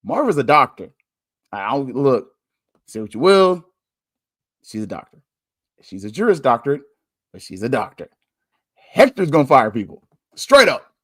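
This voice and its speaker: Animated chatty male podcast host. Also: medium pitch, normal speed, pauses often, no echo, clean studio sound. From United States. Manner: candid, chatty, laughs and sighs often. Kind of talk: casual commentary monologue.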